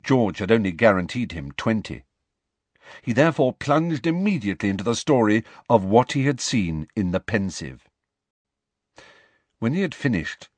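A man's voice: on the low side, no echo. A man narrating a novel as an audiobook reader, telling it expressively. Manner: expressive storytelling. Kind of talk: scripted narration.

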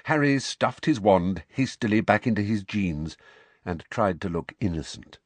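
A man narrating an audiobook in an expressive storytelling manner with a husky voice. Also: lowish voice, moderate pace, no room sound.

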